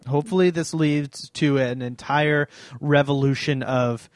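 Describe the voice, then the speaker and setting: A man's voice: on the high side, fairly even intonation, unhurried, no room sound, clean studio sound. A man co-hosting a podcast, sarcastic, teasing and a bit pedantic in casual chat. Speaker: podcast co-host.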